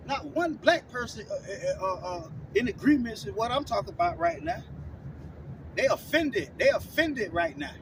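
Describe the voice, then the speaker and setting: High-voiced scolding street preacher. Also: male voice, wildly swooping pitch, moderate pace. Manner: repeats "man" and "all right?" after nearly every phrase; scolding, blunt, profane street talk. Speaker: street preacher teaching scripture. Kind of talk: confrontational online sermon. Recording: distant mic with clear outdoor traffic noise.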